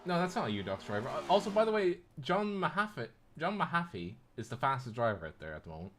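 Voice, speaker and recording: A man's voice: medium pitch, sing-song, fast, a bit bright, a little hiss or hum. A man commentating on a sim race in casual chat, rambling with playful asides.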